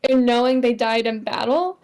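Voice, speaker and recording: High-voiced young woman, thoughtful. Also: moderate pace, darkish tone. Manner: thoughtful, adds context, polite interjections. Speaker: podcast co-host. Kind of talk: casual book-club chat.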